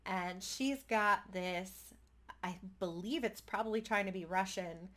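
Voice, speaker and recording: Thirtyish woman vlogging, chatty and upbeat, talks in quick little bursts, mid-pitched voice. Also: fairly bright tone. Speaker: tabletop gaming vlogger. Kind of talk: casual talk to camera.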